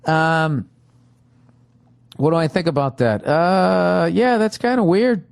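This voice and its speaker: A man's voice: on the high side, slow, creaky. A middle-aged man, hosting a podcast and giving casual, profane, sarcastic advice. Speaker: podcast host.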